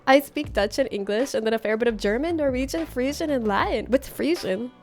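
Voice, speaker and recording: A woman's voice: sits high, fairly quick, faint music behind. A woman from Florida, streaming a game and casually chatting with viewers, playful and laughing often as she reads chat aloud. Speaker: livestreamer.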